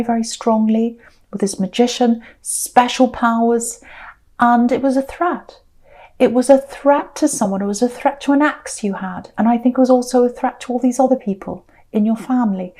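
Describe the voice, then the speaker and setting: A woman doing a tarot reading in a fairly high, mellow voice. She talks earnestly, circling back to repeat her points, and now and then mimics the people she describes in a mocking tone. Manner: earnest, repeats phrases for emphasis; acts out quoted people in a mocking voice. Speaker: tarot reader. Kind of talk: intuitive tarot reading monologue.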